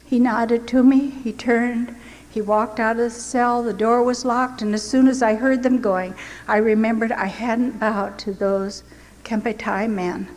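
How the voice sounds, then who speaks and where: A woman's voice: a little high, steady tone, a little slow, darkish tone. Earnest older woman telling her story. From United States. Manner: earnest, heartfelt, dropping to near-whispers at tender moments. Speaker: missionary giving a testimony. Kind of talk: emotional personal storytelling. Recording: long hall reverb, faint background hiss.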